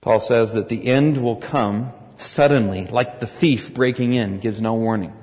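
Earnest American preacher in reverb. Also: male voice, mid-range voice, measured pace. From United States. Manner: earnest, rising to forceful emphasis. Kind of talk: sermon.

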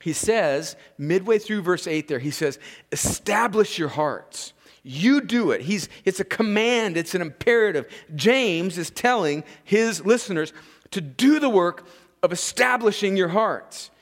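A man's voice: high-pitched, lively intonation, unhurried. A pastor from Southern California preaching an earnest, conversational sermon that often turns to his listeners as friends. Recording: long reverb of a large hall.

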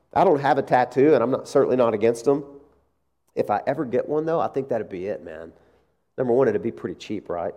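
Man, middle-aged, pastor, sermon, conversational, mellow dark tone, animated asides. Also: medium pitch, fairly quick. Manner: conversational preaching with animated quoted asides and chuckles.

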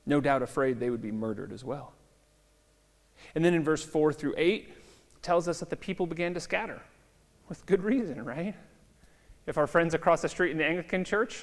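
Pastor, 30s, slightly higher voice, chatty sermon style, long reverb. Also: male voice. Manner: conversational storytelling with fillers. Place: church hall.

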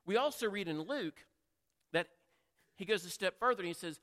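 Bright-voiced preacher in an echoing hall. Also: male voice, high voice, animated, normal speed, pauses often. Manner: conversational, asks the listeners questions, acts out quotes. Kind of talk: sermon. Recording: long reverb of a large hall.

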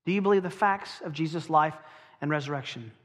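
Man, preacher, sermon, fairly high voice, emphatic, rhetorical questions, long hall reverb. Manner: emphatic, rhetorical questions, slows down on key phrases.

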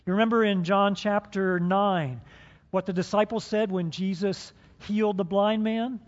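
A man's voice: high voice, fairly even intonation, moderate pace. A man preaching a sermon to his congregation, playful and dramatic as he stages a role-play with them in a church hall. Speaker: pastor. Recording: dull sound with long hall reverb.

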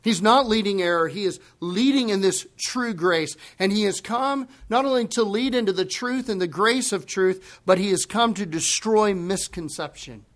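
Impassioned high-voiced male preacher. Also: moderate pace, hardly any pauses. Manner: impassioned preaching, swinging from loud emphasis to hushed, grave asides. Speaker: pastor. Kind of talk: sermon.

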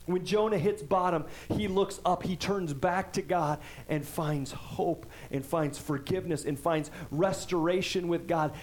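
A man delivering a sermon, his voice sitting a little higher than most men's. He talks in a loose, conversational way, tossing in quick "right?" asides to the congregation. When he reads scripture aloud he leans into the words with emphasis. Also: low-quality recording. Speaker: pastor.

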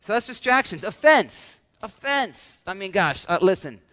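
This is a man delivering a sermon in a church hall that carries a long reverb. His voice sits high for a man. He preaches with animated energy, dropping into acted-out everyday voices to illustrate his points. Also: normal speed. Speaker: pastor.

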